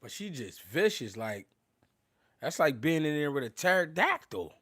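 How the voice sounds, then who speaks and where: A man's voice: on the high side, big pitch swings, normal speed, sharp tone. Loose-talking man hosting a live stream. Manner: loose, laughing, thanks viewers, slangy street talk. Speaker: boxing livestream host. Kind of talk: casual live-stream chat.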